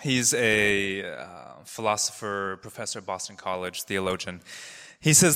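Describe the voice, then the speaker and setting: A man's voice: lowish voice, measured pace, bright, forceful tone, smooth. A man giving a conversational sermon to a congregation, loose and chatty with frequent fillers. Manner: conversational, laughing, many fillers. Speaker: preacher. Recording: hall reverb.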